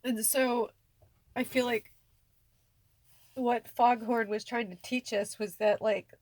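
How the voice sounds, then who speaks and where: A woman's voice: a little high, steady tone, slow, darkish tone, dry recording. A woman talking tearfully and rambling in a personal vlog, filling her speech with many "like"s. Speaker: spiritual vlogger.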